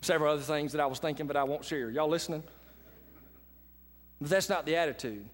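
A man's voice: a little high, quick pace. Man preaching in a reverberant hall. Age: adult with children. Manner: conversational preacher, swings between quiet asides and loud emphatic lines. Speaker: pastor. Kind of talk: sermon.

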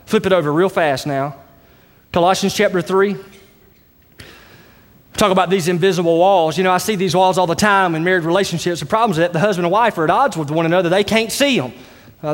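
High-voiced preacher in a hall. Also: male voice. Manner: emphatic preaching, folksy asides. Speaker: pastor. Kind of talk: sermon. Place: church sanctuary.

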